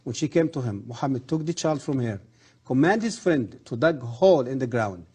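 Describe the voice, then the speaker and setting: Earnest man, husky voice. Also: mid-range voice, animated, warm tone. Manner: earnest, halting non-native English with rising emphasis. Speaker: guest, former professor. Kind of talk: religious TV interview.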